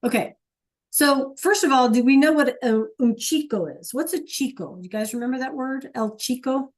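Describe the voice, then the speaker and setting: Patient teacher woman, higher voice. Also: moderate pace. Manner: patient, coaxing, asks many questions. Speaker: Spanish teacher. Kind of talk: online class lesson.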